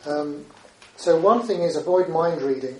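A man with a dark-toned voice on the high side talks a little slowly through a dharma talk as a Buddhist teacher. Conversational in manner, he tends to wrap up points with questions like "isn't it?" A distant mic adds roomy echo, faint ambience, and a little hiss or hum.

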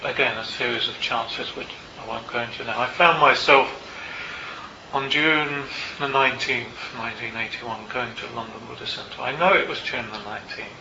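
An older man, a meditation teacher, tells a personal story to a group in a Buddhist centre, in a reflective and unhurried way with small asides. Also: mid-range voice, fairly even intonation, noisy background. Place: Buddhist centre meeting room. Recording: roomy, slightly dull hall recording.

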